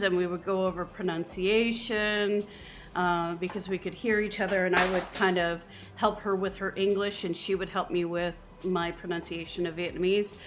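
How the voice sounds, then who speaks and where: A woman's voice: medium pitch, a bit bright. A Canadian woman streamer in casual chat while she plays a game, chatty and often laughing. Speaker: live streamer.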